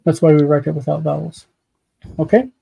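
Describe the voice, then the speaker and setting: A man's voice: on the high side, brisk, creaky, slightly rough, muffled recording. A man hosting a live online class, patiently explaining grammar and pronunciation step by step. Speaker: host teaching biblical Hebrew grammar.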